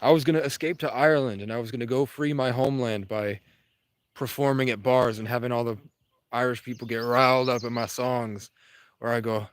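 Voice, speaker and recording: A man's voice: medium pitch, steady tone, brisk, dry recording. A man livestreaming outdoors in the countryside, rambling casually and answering viewers' comments. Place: outdoors in rural Vermont.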